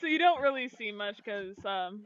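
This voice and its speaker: A woman's voice: mid-range voice, animated, moderate pace, fairly bright tone, muffled recording. A young woman narrating as game master of a tabletop game, hesitant, with many fillers and giggles. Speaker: dungeon master.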